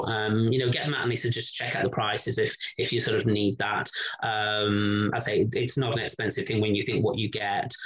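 A man's voice: lowish voice, a bit bright, low-quality recording. A middle-aged man giving a casual promotional walkthrough as a resort sales representative, talking chattily with many "sort of" and "um" fillers.

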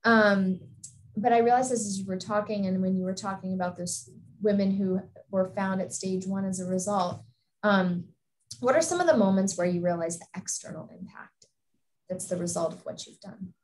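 A woman's voice: medium pitch, moderate pace, darkish tone, rough recording. Thoughtful woman moderating a panel. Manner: thoughtful, searching for words. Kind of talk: panel interview questions.

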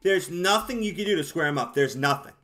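A man commentating his own baseball video game, excitable and exasperated, shouting at his players. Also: fairly high pitch, a little fast, soft background music. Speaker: gaming YouTuber. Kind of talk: live gameplay commentary.

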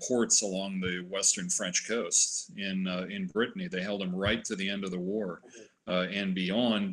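A man with a low voice explains history in a panel discussion. His delivery is measured, with occasional hesitations. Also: a bit bright.

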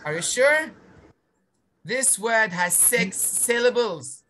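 A woman's voice: fairly high pitch, expressive, slow, a bit bright, a little hiss or hum. A woman teaching an online spelling lesson on a video call, encouraging her pupils and sounding out syllables.

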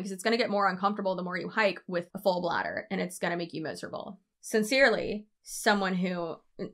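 A woman's voice: mid-range voice, a bit bright. A woman giving casual reaction commentary in a blunt, sarcastic way.

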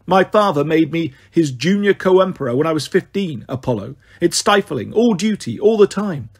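A man's voice: fairly high pitch, lively intonation, normal speed, husky. A man reading aloud, voicing a spoiled young male Roman prince who complains petulantly. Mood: complaining. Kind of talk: audiobook character voice.

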